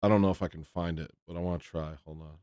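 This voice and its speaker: A man's voice: deep voice, fairly even intonation, quick pace, dark tone, clean tone, dry recording, studio quality. A male livestream host talking casually and bluntly, with an indignant, rambling manner.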